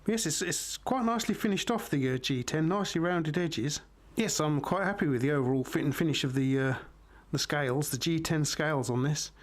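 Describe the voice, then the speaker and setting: A middle-aged man with a slightly raised voice reviews a knife in a relaxed, unhurried way. He keeps turning to his viewers with friendly asides. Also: on the high side. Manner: chatty, unhurried, addresses viewers as guys. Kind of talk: casual product review.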